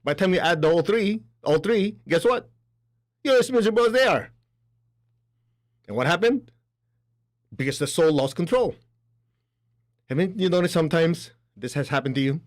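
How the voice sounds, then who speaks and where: A man giving a spiritual lecture, animated and laughing between points, acting out other people's voices as he talks. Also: sits high, normal speed, pauses often. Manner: animated, acts out quoted voices. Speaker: spiritual teacher. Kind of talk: spoken lecture.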